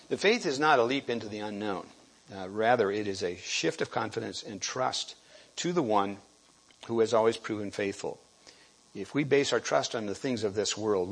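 A man giving a sermon, halting and restarting often and clearing his throat. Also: lowish voice. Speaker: preacher.

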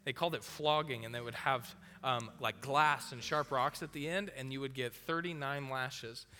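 A man preaching a sermon, telling the story in a casual, animated way and acting out the people in it. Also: medium pitch, normal speed, a little hiss or hum. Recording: long hall reverb with faint music.

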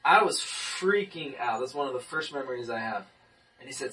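A man in his twenties tells his story in a group, animated, often repeating and restarting his words. His voice is bright and clear. It is caught from some distance away by the mic. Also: a little high, a little fast, a little hiss or hum. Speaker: person giving a testimony. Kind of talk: casual testimony in a group talk.

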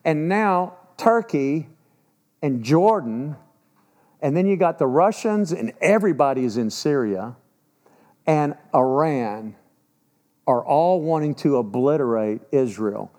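A man in his sixties preaching a sermon, emphatic, swinging between loud urgency and low, grave warnings. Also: animated, slow. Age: 60s.

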